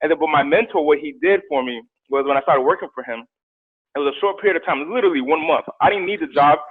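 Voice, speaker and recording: A man's voice: fairly high pitch, fast, husky. A man guest on a podcast, telling stories in a casual chat and acting out the voices of the people in them. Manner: animated storyteller, acts out quoted voices. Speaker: podcast guest, motivational speaker. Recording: tinny phone-like line.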